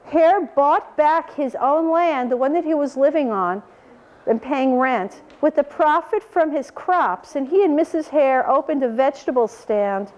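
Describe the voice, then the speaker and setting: High voiced lady reading a picture book to kids, animated, keeps asking questions. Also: a little slow, muffled recording. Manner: animated, asks the children questions. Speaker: storyteller.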